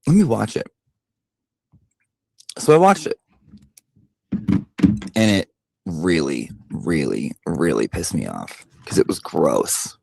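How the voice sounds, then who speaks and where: A man's voice: extremely low pitch, huge pitch swings, slow, gravelly, long pauses, darkish tone, slightly rough, no echo. A man vlogging, telling a story in a casual, emphatic way with frequent swearing and asides. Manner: emphatic and profane, with lots of asides.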